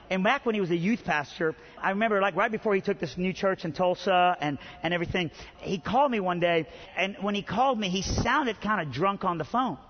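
Man preacher, high and animated, muffled sound with a long hall echo. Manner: animated storyteller, acting out both voices, rising to shouts. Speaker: pastor. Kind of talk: sermon with a personal story.

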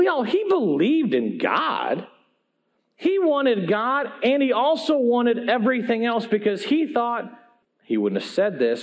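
A man preaching a sermon as pastor, telling folksy stories with animated asides. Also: extremely high pitch.

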